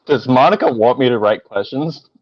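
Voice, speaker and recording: A man's voice: mid-range voice, expressive, moderate pace, no room sound, dull audio. A man co-hosting a casual livestream chat with a dry, teasing, joking manner. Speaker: livestream co-host.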